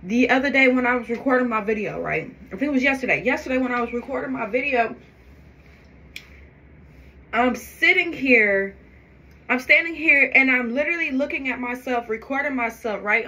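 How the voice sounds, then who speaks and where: Woman, vlogger, emphatic and preachy, bright edge, phone camera. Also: a little high, fairly quick, dull audio. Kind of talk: faith-filled get-ready-with-me vlog.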